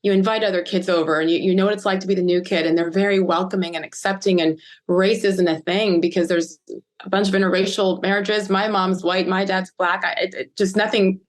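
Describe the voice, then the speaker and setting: A woman's voice: mid-range voice, steady tone. Earnest woman in her fifties, storytelling. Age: 50s. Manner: earnest, emotional, pauses to collect herself. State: choked up. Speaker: guest. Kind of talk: podcast interview, personal storytelling.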